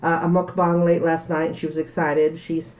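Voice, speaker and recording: A woman's voice: low-pitched, flat delivery, normal speed, darkish tone. A middle-aged woman chatting casually while eating in a mukbang vlog. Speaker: mukbang vlogger.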